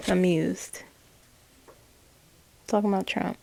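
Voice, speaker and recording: A woman tarot reader relaying channeled messages, slow and hesitant, with frequent ums and self-corrections. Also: medium pitch, fairly even intonation, creaky, darkish tone.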